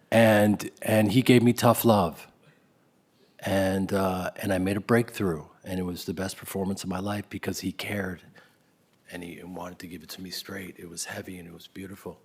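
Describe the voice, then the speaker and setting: A middle-aged man giving a spoken tribute, telling stories about his parents, sometimes loud and laughing, sometimes soft and close to a whisper. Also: deep voice, fairly even intonation, moderate pace. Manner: swings between loud laughing bursts and soft near-whispers. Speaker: eulogy speaker.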